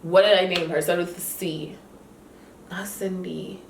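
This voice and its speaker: A woman's voice: on the low side, steady tone, measured pace, a little hiss or hum. Young woman, vlogger, casual storytime, indignant retelling, echoey room. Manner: heated, indignant retelling with quoted dialogue.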